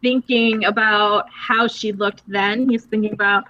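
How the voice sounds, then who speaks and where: A woman's voice: medium pitch, measured pace, a little hiss or hum. A young woman co-hosting a podcast, casually recapping a TV episode and acting out the characters' lines. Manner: animated retelling, acts out characters' lines. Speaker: podcast co-host. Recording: dull lo-fi sound.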